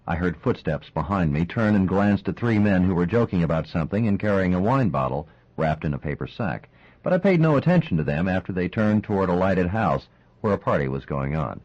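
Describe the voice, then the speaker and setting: Deep-voiced man narrating an audiobook. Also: lively intonation, fairly quick, dull audio.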